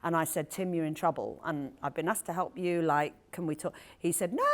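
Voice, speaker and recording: A woman author in conversation at a live event, telling an anecdote in a lively, animated way with quick asides. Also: low voice. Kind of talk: storytelling talk at a live event. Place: event hall with audience.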